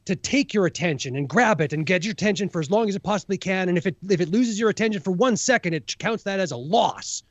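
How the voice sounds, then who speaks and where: A man's voice: high voice, lively intonation, fast talker, hardly any pauses, no echo, highs cut off. A man co-hosting a casual podcast discussion who keeps asking "right?" and acts out small scenes as he talks. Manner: conversational, lots of "right?" and "you know", acts out little scenes. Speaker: podcast co-host.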